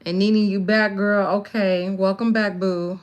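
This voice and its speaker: A woman from California hosting a livestream, chatting casually and directly with her viewers, animated and laughing often. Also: medium pitch, a little slow, smooth, highs cut off. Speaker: livestream host. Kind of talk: casual live chat with viewers.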